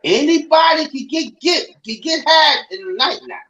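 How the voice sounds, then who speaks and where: High, lively man on dull audio. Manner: chuckling, quick short agreements. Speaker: panelist. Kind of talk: casual sports chat.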